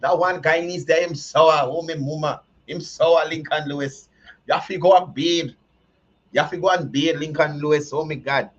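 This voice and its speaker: A man's voice: fairly high pitch, fairly even intonation, normal speed, highs cut off, voice pushed down, close to an everyday voice. A man putting on a fussing Guyanese auntie voice that nags someone to go and bathe, with a Guyanese accent. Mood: scolding.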